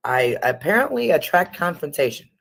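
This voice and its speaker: A woman's voice: deep voice, big pitch swings, normal speed, vocal fry. A woman hosting a casual livestream, chatting and swearing freely with her viewers. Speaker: livestream host.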